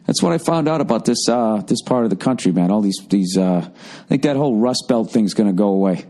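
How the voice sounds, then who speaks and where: A man in his forties with a Boston accent, his voice worn hoarse, ranting through a profane podcast monologue as a comedian host. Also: lowish voice, brisk. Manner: profane, ranting, animated storytelling.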